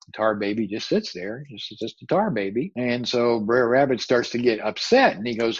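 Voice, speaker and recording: A man's voice: medium pitch, animated, moderate pace, breathy edge, no room sound. A man giving a spiritual lecture as a teacher, reflective and searching for his words, often repeating phrases. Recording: dull, slightly muffled recording.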